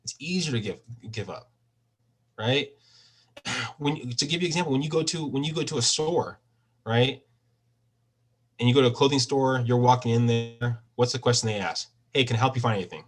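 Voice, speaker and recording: A man's voice: mid-range voice, moderate pace, long pauses, poor audio. A man giving a casual real estate training talk over a video call, often checking in with tag questions.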